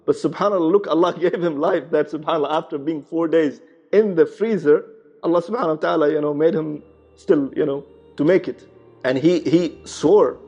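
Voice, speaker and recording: A man with a fairly high voice recounts a religious true story. He talks casually, with plenty of fillers and Arabic expressions. The recording sounds a little muffled, with soft music in the background. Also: a little fast. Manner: conversational, many fillers and restarts, sprinkled with Arabic phrases. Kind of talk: casual storytelling with acted quotes. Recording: slightly muffled, faint music behind.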